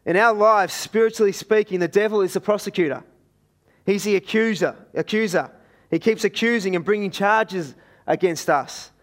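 A man with an Australian accent preaching a sermon in a conversational, storytelling way. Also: sits high.

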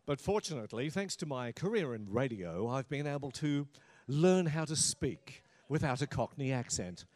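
A man's voice: a little high, lively intonation, normal speed. A middle-aged man pastor giving a sermon in a conversational, humorous preaching manner.

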